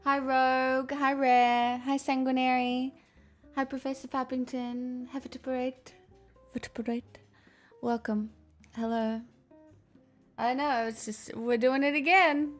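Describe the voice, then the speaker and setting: High-voiced playful young woman streamer. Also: level tone, slow, soft background music. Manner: playful and teasing, calls viewers "my darlings", laughs often, swears casually. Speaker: livestream host chatting with viewers. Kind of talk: casual live-stream chat.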